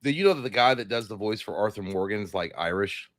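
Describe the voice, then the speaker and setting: A man's voice: fairly low pitch, quick pace, no echo, studio quality. A man co-hosting a live movie show, chatting casually and acting out quotes as he tells stories. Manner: excited storyteller, acts out quotes. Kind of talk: casual chat.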